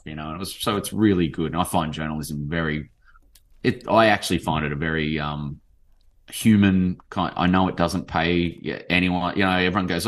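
An Australian man in his forties, talking in an animated, rambling way with many fillers as a guest in a casual interview. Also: low voice, a little fast. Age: 40s. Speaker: novelist guest.

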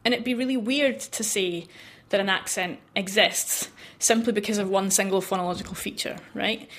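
A woman's voice: medium pitch, normal speed, fairly bright tone. An American woman, a linguistics researcher, explains her work patiently in a radio interview and laughs lightly between points.

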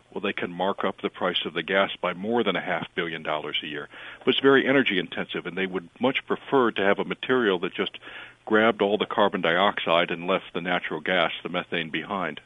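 A male professor interviewed over the phone, explaining in a measured way with frequent hesitations. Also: low-pitched, no room sound. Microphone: telephone. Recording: tinny phone line.

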